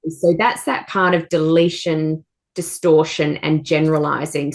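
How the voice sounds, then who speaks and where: A woman's voice: low-pitched, darkish tone. A woman coach in a casual chat, enthusiastic and encouraging, giving everyday examples. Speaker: co-host and coach.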